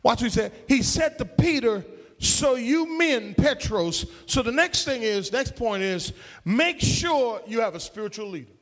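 High, lively male preacher in a hall. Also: normal speed. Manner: call-and-response, emphatic, folksy slang. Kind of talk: sermon.

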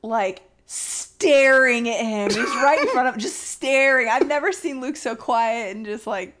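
Woman, slightly high voice, excitable, acts out quotes, casual chat. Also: a little slow.

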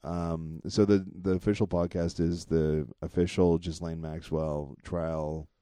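A man's voice: deep voice, little pitch movement, unhurried, dark tone, smooth, dry recording, clean studio sound. A man co-hosting a podcast in casual comedic chat, laughing often and joking around. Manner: laughing often, jokey, slips into silly voices. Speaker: podcast co-host.

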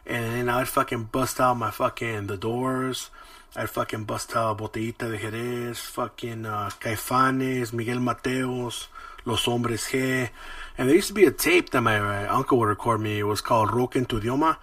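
A man's voice: mid-range voice, steady tone, moderate pace, no echo. Profane, rambling man. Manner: profane, rambling street slang. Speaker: podcast host. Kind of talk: casual storytelling. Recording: distant mic with loud music behind.

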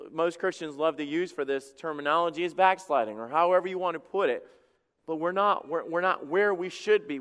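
A male pastor preaching a sermon, animated and stammering over his restarts as he acts out quotes. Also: high-pitched, clear, resonant tone, big-room sound.

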